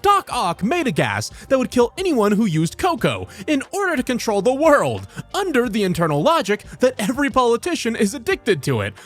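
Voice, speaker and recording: A man voice actor reading funny posts aloud in an animated, expressive comedic narration. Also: very high-pitched. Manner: animated, expressive, swings between many voices.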